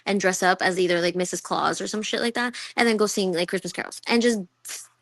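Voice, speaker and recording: A woman co-hosting a podcast, telling stories casually with lots of fillers and restarts. Her voice has a mid pitch and sounds dry and close to the mic, with little room sound. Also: fast, no room sound. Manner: rambling, filler-heavy storytelling. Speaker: podcast co-host. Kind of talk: casual chat.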